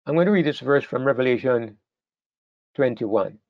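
A man's voice: mid-range voice, lively intonation, moderate pace, dry recording, lo-fi sound. A man preaching a sermon, emphatic, stressing key words and often repeating himself as he restarts phrases.

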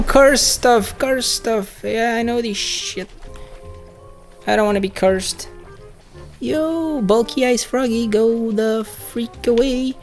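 A woman gamer giving excitable let's play commentary, swearing a lot, shrieking at surprises and talking to the enemies on screen. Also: a little high, slow pace, soft background music.

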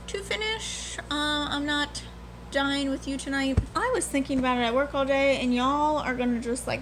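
High-pitched young woman, casual vlog chat, candid and rambling, faint background hiss. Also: fairly bright tone. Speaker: book vlogger.

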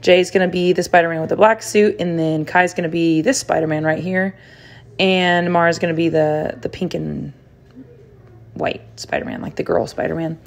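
A woman's voice: on the low side, steady tone, normal speed, creaky. A young woman vlogging casually, chatting in a rambling, candid way as she runs weekend errands. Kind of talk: casual vlog chat. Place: parking lot, then store.

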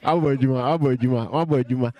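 A Ghanaian man with a Ghanaian accent hosting a casual street interview, asking lively, teasing questions. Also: mid-range voice, fast, lo-fi sound.

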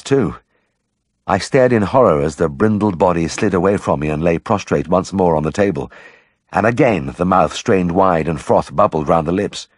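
Low husky male audiobook narrator. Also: no echo, clean studio sound.

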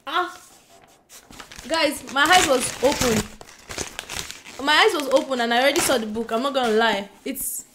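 Woman, book vlogger, bubbly, giggly, gushing, fairly high voice, camera mic, home. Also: moderate pace, long pauses, noisy background. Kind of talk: excited casual vlog chat. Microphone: compact camera mic.

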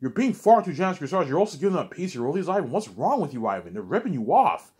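A pushy male film director harangues someone, repeating the name again and again, as a man puts him on. The voice sits higher and louder than his everyday talk, husky and quick. It comes as a monologue in a casual video. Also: sing-song, exaggerated voice. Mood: exasperated. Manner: nagging, keeps repeating the listener's name.

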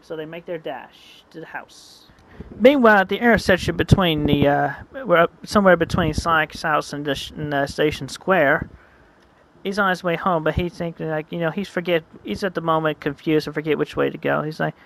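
A home narrator reading a homemade comic aloud, halting and correcting itself, adding mouth sound effects. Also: mid-range voice, fairly even intonation, a bit bright. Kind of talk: casual read-aloud narration.

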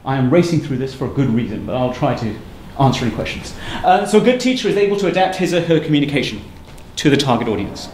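A man giving a university seminar talk, brisk and emphatic in a conversational lecturing manner. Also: mid-range voice, sing-song, a little mellow. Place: lecture room. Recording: echoey room with faint ambient noise.

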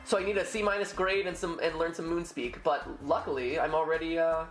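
A man's voice: fairly high pitch, fairly even intonation, a little fast, echoey room, soft background music. A man hosting a gaming show, joking through casual gameplay commentary and putting on voices for game characters.

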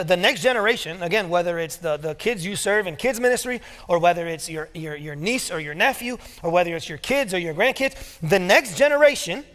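A man's voice: high voice, fairly bright tone. A man in his thirties preaching a sermon, telling family stories with casual asides and quoted dialogue. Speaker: pastor. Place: church sanctuary. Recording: long reverb of a church hall.

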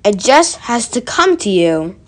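A woman voicing a gentle, thoughtful male bear in a storybook reading, speaking calmly. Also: medium pitch, measured pace. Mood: musing.

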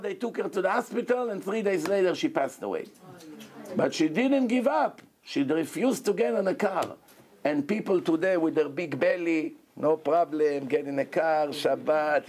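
Man, rabbi, sermon, fairly high pitched, animated delivery. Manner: animated preaching with acted-out quotes.

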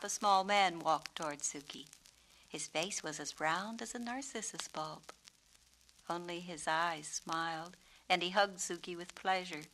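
A woman narrates a children's storybook in a clear, measured, descriptive way. Her voice sits a little low and sounds bright and crisp. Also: slight background noise, rough recording. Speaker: author and narrator.

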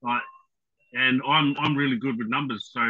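A man interviewing in casual chat, agreeable and quick with short affirmations, saying mate. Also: medium pitch, steady tone. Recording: dull dry remote line.

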